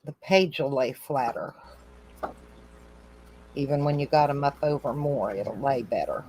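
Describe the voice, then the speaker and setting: A woman's voice: extremely low pitch, unhurried, dark tone, a little hiss or hum, rough recording. Chatty woman hosting a craft stream. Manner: chatty, encouraging, talks through each step. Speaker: host. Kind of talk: casual chat during a craft demo.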